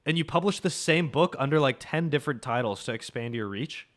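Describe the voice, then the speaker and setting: A man's voice: medium pitch, lively intonation, fairly quick, a bit bright. A young man streaming a game, chatting and joking casually with his viewers, swearing freely. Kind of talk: casual live-stream chat.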